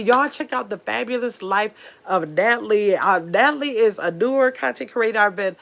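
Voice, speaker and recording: A woman's voice: a little high, moderate pace, gravelly, a bit bright. A woman hosting a casual livestream, reading viewer comments aloud and answering them in an easygoing, chatty way. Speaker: livestream host reading chat.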